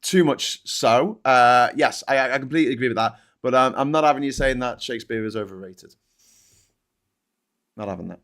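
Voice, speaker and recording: A middle-aged British man hosting a casual live-stream debate, jokey and quick to swear. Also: medium pitch. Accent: British English. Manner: animated, jokey, swears freely. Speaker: show host.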